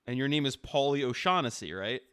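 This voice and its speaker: A man's voice: mid-range voice, animated, fairly bright tone, smooth, no room sound, studio quality. A man streaming a casual chat with an AI character, teasing and playful. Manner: teasing, playful, quick to laugh.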